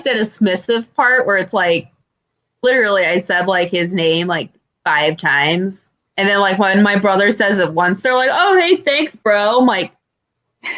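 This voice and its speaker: A woman's voice: medium pitch, pushed and bright. A woman co-hosting a podcast, telling stories animatedly with swearing and mimicked quotes. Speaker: podcast co-host. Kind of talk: casual chat.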